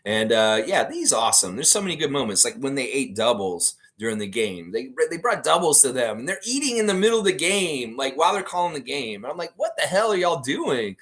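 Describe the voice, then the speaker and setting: A man's voice: mid-range voice, sing-song, fairly quick, a bit bright. A man hosting a livestream, chatting casually and reading out viewer comments in a rambling way, laughing often. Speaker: livestream host.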